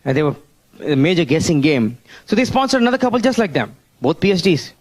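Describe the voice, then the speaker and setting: With big pitch swings, his slightly high voice moves fast. He delivers a motivational business-seminar talk built on stories and frequent questions to the audience.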